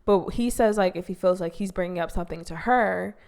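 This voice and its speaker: A woman's voice: on the low side, fairly quick, vocal fry, a little mellow, clear, resonant tone. A young woman casually recapping a reality show episode, talking in a loose, exasperated way and leaning heavily on "like". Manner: exasperated, heavy use of "like".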